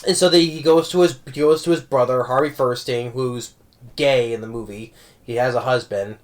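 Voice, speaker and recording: A man's voice: medium pitch, fairly even intonation, moderate pace. A man giving a casual spoken film review, rambling, with many restarts and tag questions. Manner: warm, amused fan talk. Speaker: movie reviewer.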